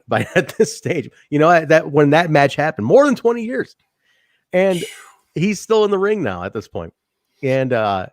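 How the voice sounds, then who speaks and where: Casting note: male podcast co-host, lively up-and-down delivery, dry close sound, loose and profane. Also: a little high, dry recording. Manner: animated, rambling, swears and laughs easily. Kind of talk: casual wrestling review chat.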